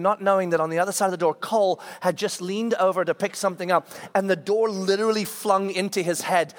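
A man in his forties preaches with a light, high-pitched voice. He tells a family story with comic timing and jumps into quoted voices to act out the scenes, poking fun at himself along the way. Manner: self-deprecating humor. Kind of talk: humorous sermon storytelling.

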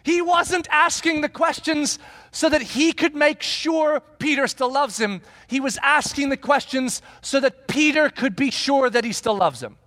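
A man with a high voice preaches a sermon. He tells the story with animation, asks the listeners rhetorical questions and acts out the quoted lines. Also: unhurried, pushed and bright. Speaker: pastor.

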